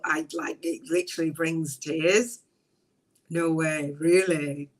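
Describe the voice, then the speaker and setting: A woman hosting a live podcast, chatting casually and emotionally, rambling with restarts and breaking into high laughs. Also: fairly even intonation, slow pace, poor audio. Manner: frequent high bursts of laughter. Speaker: podcast host. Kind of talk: casual live-stream chat.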